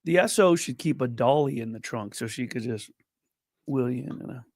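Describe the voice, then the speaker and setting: A man's voice: medium pitch, moderate pace, a little mellow, no room sound. A man co-hosting a sports radio show, tossing in dry teasing one-liners. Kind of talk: casual sports talk. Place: radio studio.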